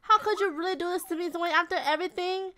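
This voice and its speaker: A woman's voice: a little high, animated, moderate pace, bright, forceful tone, slight background noise. A woman voicing a heartbroken, furious young woman. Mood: hurt, furious. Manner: dramatic, gossipy.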